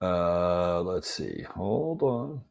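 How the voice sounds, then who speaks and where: A man's voice: low voice, lively intonation, extremely slow, creaky, a little mellow. A man hosting a casual livestream, chatting loosely and greeting viewers in the chat one by one. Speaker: livestream host.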